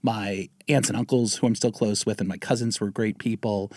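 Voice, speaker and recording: A man in his fifties from the Bronx, a guest telling his family story in a casual interview, lively and acting out what others said. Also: moderate pace, no echo, studio quality. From the Bronx, New York. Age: 50s. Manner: animated storyteller, acts out quotes with pitch jumps. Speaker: guest, TV writer.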